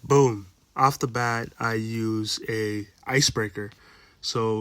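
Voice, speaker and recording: A man explaining a door-to-door sales pitch step by step, in a coaching tone, marking each step with a quick "boom.". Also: steady tone, pushed and bright, smooth. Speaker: sales trainer. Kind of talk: instructional breakdown of a sales pitch.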